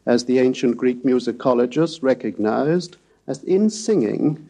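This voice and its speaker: A man giving a recorded scholarly lecture, speaking in a measured, precise way and demonstrating pitch glides aloud. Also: expressive, warm tone.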